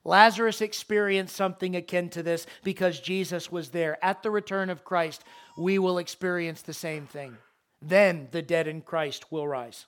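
A man's voice: sits high, fairly even intonation, moderate pace, fairly bright tone. A man preaching a sermon, reading scripture verses aloud and explaining them, and repeating key phrases for emphasis.

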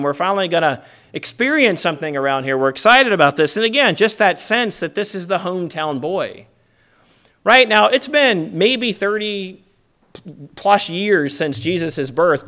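A man preaching a conversational sermon, often asking "right?" and acting out the crowd's lines. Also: on the high side. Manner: acts out the crowd's lines in a lively put-on voice.

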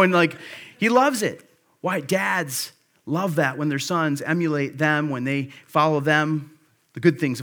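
Man in his thirties, pastor giving a sermon; fairly high, keen tone, relaxed talk with excited flashes. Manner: conversational and earnest, with bursts of excitement.

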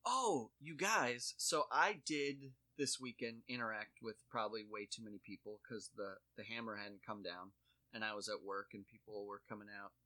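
A man's voice: on the low side, moderate pace. A man in his thirties chatting casually and joking, acting out quoted voices as he tells stories. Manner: animated storyteller, acts out quotes. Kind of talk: casual comedic chat.

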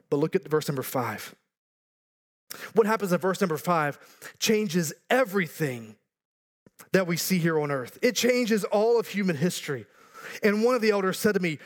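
A man's voice: high-pitched, lively intonation, moderate pace, pauses often. A pastor in his thirties or forties preaching a sermon earnestly, building to emphatic repeated lines with joking asides.

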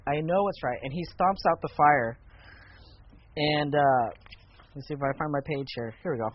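A man's voice: fairly high pitch, moderate pace. Man teaching a church class, muffled. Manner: conversational, animated when retelling a story. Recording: muffled lo-fi recording.

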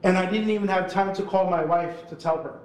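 Man, 40s, chatty event storyteller, high voice, echoey hall. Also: steady tone, fairly quick. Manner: casual, chatty storytelling full of "like" and "right?". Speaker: urban ministry worker speaking at an event. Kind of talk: live storytelling talk. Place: hall with a live audience. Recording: roomy hall sound.

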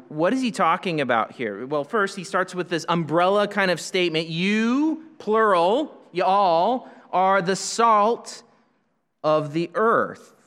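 A man's voice: high voice, fairly bright tone, big-room sound. A man preaching a sermon in a conversational teaching style, asking rhetorical questions and often restarting his sentences.

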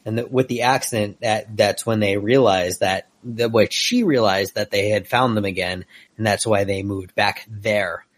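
A man in a casual podcast chat, talking in a rambling way with halting restarts, recorded close to the mic. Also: on the low side, fairly even intonation, no room sound. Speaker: podcast co-host.

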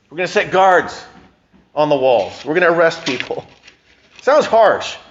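A man's voice: medium pitch, fairly bright tone, highs cut off. A male pastor giving a sermon in a conversational, emphatic way, often restarting his sentences.

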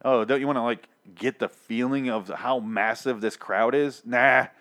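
A man's voice: mid-range voice, normal speed. A young man giving a profane, exasperated, sarcastic recap of a TV episode, stumbling and restarting often. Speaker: TV episode reviewer. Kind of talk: ranting casual recap.

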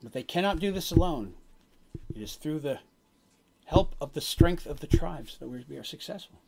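A man voicing a solemn tribal prophetess in a tabletop game, speaking in slow, grave pronouncements. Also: a little high, animated, gravelly, a little mellow. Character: solemn tribal prophetess foretelling a dark season.

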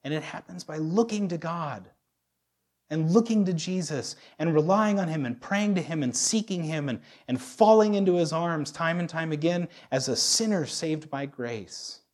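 A man's voice: on the high side, normal speed, darkish tone. A man in his thirties preaching a sermon as a pastor, candid and self-deprecating, often restarting his sentences. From United States.

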